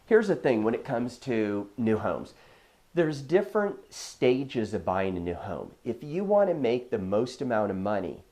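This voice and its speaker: A man with a mid-range, slightly mellow voice speaks a little slowly in a sing-song way. Working as a real estate agent, he hands out casual advice and deal anecdotes conversationally, acting out dialogue and using frequent fillers.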